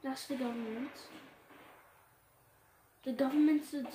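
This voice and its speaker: A woman hosting her own gaming channel, giving casual gameplay commentary full of excited exclamations. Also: sits high, measured pace. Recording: roomy echo with steady background noise.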